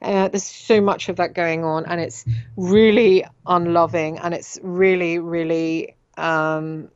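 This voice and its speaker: A woman's voice: on the low side, steady tone, takes it slowly, smooth, no echo, dull audio. A middle-aged woman hosting a radio show, talking in a rambling, confiding way with many fillers and repeated words. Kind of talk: casual monologue.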